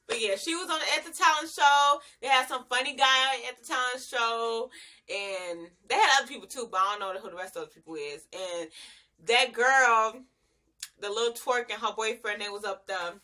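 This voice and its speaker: A woman's voice: fairly high pitch, normal speed, sharp tone. A young woman, reviewing a reality show in casual, slangy chat and laughing often.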